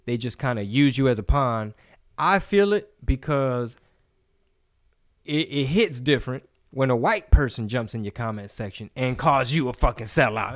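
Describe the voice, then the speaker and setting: A man's voice: mid-range voice, expressive, moderate pace. A young man co-hosting a podcast in casual, profane chat, often slipping into mocking impressions. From Texas. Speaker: podcast co-host.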